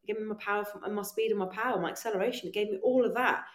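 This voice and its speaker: A woman guest on a podcast, telling animated stories in casual chat, swearing freely and acting out her own voice. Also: mid-range voice, racing. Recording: echoey room.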